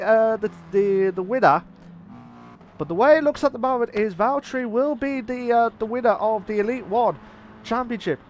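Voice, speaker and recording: A man with a high-pitched voice calls a sim race live, excitable and rambling, catching and correcting his own slips as he goes. Faint engine noise runs underneath. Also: moderate pace. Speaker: race commentator. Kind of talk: live sim racing commentary.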